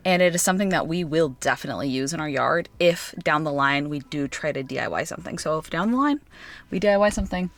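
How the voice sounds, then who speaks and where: Chatty woman in her twenties, low voice. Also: quick pace. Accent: Southern American. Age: 20s. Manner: chatty, animated, lots of "like". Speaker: vlogger. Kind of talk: casual vlog storytelling.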